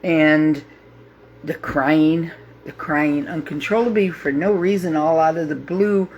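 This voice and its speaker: A woman in her fifties hosting a grief support group, talking live to viewers in a halting, heartfelt way with many pauses and fillers. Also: sits low, a little mellow, husky, lo-fi sound. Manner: heartfelt, openly emotional. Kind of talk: live casual talk to viewers.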